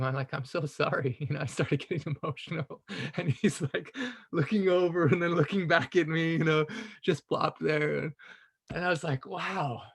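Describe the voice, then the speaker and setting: A man sharing a personal story on a group call, earnest and reflective, often adding "you know" and soft laughs. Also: a little high, vocal fry. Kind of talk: casual spoken storytelling.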